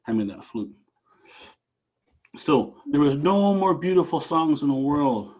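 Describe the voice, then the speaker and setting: Animated male storyteller, muffled call audio. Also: on the high side, a little slow. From Alaska. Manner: animated, rises and drops dramatically. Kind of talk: telling a traditional story aloud.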